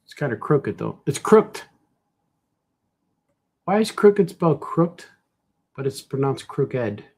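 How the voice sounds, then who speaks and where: A man's voice: mid-range voice, very animated, measured pace, darkish tone, husky. A man, a cartoonist, chatting casually while he draws, rambling playfully and joking to himself. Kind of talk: casual chat while drawing.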